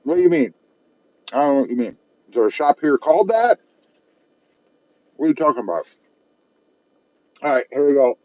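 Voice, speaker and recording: A man's voice: mid-range voice, expressive, normal speed, pauses often, mellow, no echo, dull audio. A man from South Texas chatting casually on a live stream from his parked car while eating and reading viewer comments aloud, self-mocking and easygoing. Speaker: car channel host reading live chat. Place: parked car at a fast-food restaurant.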